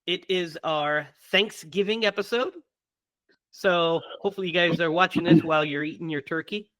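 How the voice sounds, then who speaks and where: Male podcast host, bright upper voice, dry close mic, chatty and loose. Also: on the high side, normal speed, no room sound. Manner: chatty, laughs often, stumbles with fillers. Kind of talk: casual podcast chat.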